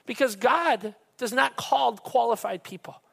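Gravelly, emphatic preacher. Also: mid-range voice, a little slow, a bit bright. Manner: emphatic, repeats phrases for weight; talks straight to the congregation. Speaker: pastor. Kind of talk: sermon.

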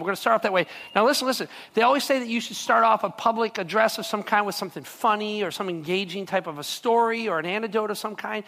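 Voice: medium pitch, a bit bright. Pastor preaching in a reverberant hall. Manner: conversational, repeats words, checks in with the audience. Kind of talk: sermon. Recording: long reverb of a large hall.

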